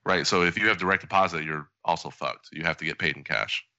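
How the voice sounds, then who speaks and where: A man co-hosting a casual podcast, wry and matter-of-fact. His voice sits low with a forceful edge. It is recorded dry, with a slightly dull, lo-fi sound. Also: quick pace, no echo. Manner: wry, lists details matter-of-factly. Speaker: podcast co-host. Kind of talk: casual chat.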